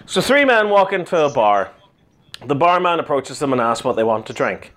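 A man's voice: medium pitch, normal speed. A man cohosting a podcast, telling crude stories and jokes with lots of swearing and laughter. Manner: profane, giggly, animated storytelling. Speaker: podcast co-host. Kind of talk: crude comedy banter.

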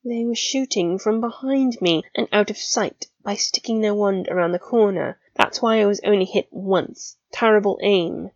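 A wry young schoolgirl, as a woman reads her, talking shakily and downplaying her pain in a voice pitched a little above the reader's own. The sound is dry and slightly muffled, like a home audiobook. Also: moderate pace, hardly any pauses, no echo, close to an everyday voice. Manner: shaky, understated. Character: wry, tired young schoolgirl hiding hurt.

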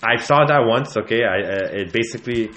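A man hosting a podcast, telling a story in a rambling, halting way with many pauses. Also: medium pitch, a bit bright, echoey room. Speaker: podcast host. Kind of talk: casual podcast chat.

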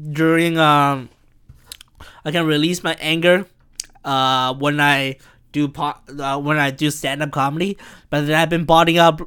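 A man rambling alone into a podcast mic, swearing freely and breaking into shouts. His voice is bright and smooth, and it leaps all over the place in pitch. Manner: animated, profane, bursts into shouting. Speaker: podcast host and stand-up comic.

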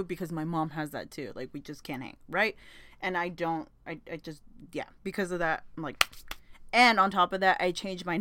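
A woman's voice: low voice, fairly bright tone, no room sound. Chatty young woman, dry close sound. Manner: rambling, chatty, swears freely, laughs often. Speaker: podcast host. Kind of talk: casual chat.

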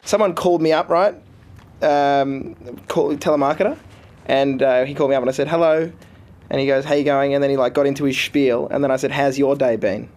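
A man's voice: medium pitch, steady tone, fast talker, a little mellow. A man giving a comic, mock-philosophical account of what kind of guy he is. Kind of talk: comic self-description.

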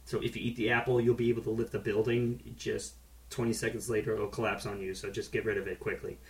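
A man's voice: fairly low pitch, little pitch movement, quick pace. A man co-hosting a casual podcast, bantering and joking with his co-host. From Long Island. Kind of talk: casual chat. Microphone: headset.

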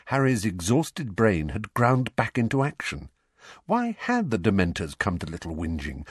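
A man narrating an audiobook in an expressive storytelling manner. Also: on the low side, husky, no room sound, studio quality. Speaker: audiobook reader. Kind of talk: scripted narration.

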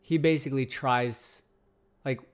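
A man's voice: medium pitch, steady tone, measured pace, clear, resonant tone. A man co-hosting a casual podcast chat, talking bluntly with lots of swearing and mock threats. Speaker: podcast co-host.

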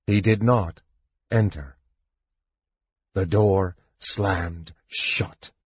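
Slow, husky male audiobook narrator. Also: deep voice, fairly even intonation, dry recording. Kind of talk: scripted narration. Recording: dull lo-fi recording.

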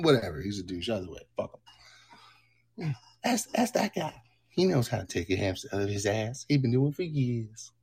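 A man hosting a casual livestream, rambling and excitable, swearing as he goes. His voice has a gravelly, husky grain and rises and falls in a lively way. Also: fairly low pitch, fairly quick. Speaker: livestream host.

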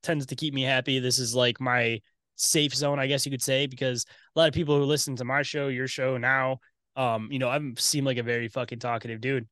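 A man's voice: mid-range voice, sharp tone, no echo, clean studio sound. A man talking as a podcast guest in casual chat, loose and rambling, swearing a lot and calling his host "dude".

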